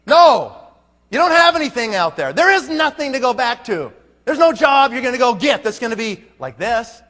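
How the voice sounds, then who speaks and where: A conference speaker delivers a motivational talk in an extremely high, pushed, bright voice with big pitch swings at a normal speed. He speaks emphatically, firing rhetorical questions at the crowd, and the recording carries a long hall reverb.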